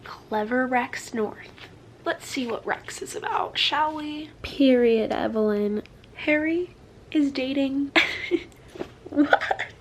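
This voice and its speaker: A young woman filming a casual reading vlog at home, gushing and excitable, dropping to whispers as she reads along. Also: sits high, slow pace, a little hiss or hum. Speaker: book vlogger. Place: at home, lying down to read.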